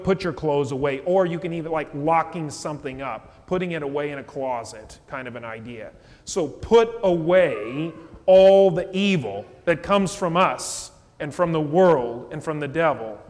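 A man preaching in a relaxed, talky way, with a slightly raised voice. His voice carries a long reverb, as if recorded in a big church. He often checks in with his listeners with a quick "okay?". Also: on the high side. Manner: conversational, asks "okay?" and chuckles. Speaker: pastor. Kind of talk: sermon.

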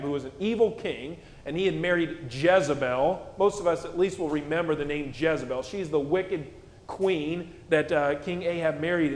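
A male pastor preaching a sermon in a plain-spoken, conversational way, with casual asides as he explains. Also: fairly high pitch. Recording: echoey church hall with long reverb.

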